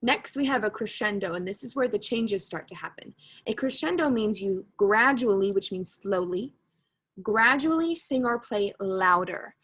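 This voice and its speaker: A woman's voice: mid-range voice, lively intonation, moderate pace, fairly bright tone, breathy edge. A woman teaching a recorded music lesson, patient and repetitive, correcting her own slips with a laugh at herself. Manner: patient, repeats key points, self-correcting with humor.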